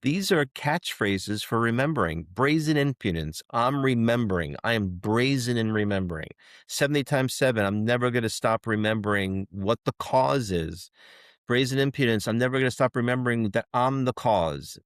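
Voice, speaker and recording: A man's voice: medium pitch, expressive, normal speed, no room sound, studio quality. A man co-hosting a spiritual podcast, teaching in a repetitive, mantra-like way. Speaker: podcast co-host.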